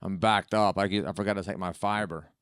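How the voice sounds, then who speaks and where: A man's voice: sits low, steady tone, a little fast, clear, resonant tone, dry recording, studio quality. A male comedian guest on a podcast, rambling through absurd tall tales with a straight face. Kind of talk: joking podcast chat, absurd put-on bits. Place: podcast studio.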